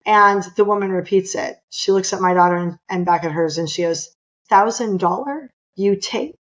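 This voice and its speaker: A woman's voice: on the low side, fairly even intonation, fairly quick, highs cut off. A middle-aged woman from California, a podcast guest telling a personal story with emphatic, impassioned delivery. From California, USA.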